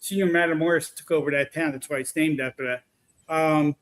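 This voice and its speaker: A man's voice: fairly high pitch, brisk. A man casually telling a long, rambling story about his paranormal investigations, full of restarts. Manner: rambling, animated retelling with restarts.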